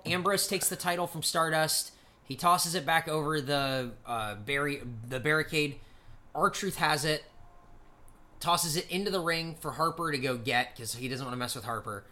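Man recapping wrestling in a bright, rambling voice. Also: fairly high pitch. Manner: rambling play-by-play recap, frequent "um" and swearing. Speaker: podcast co-host. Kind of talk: casual wrestling recap chat.

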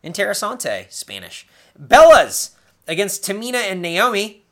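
A young man co-hosting a casual podcast, chatting fast and acting out lines in a playful, animated way. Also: on the high side. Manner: animated, quick quips, acts out wrestlers' lines. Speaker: podcast co-host. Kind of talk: casual chat recapping wrestling.

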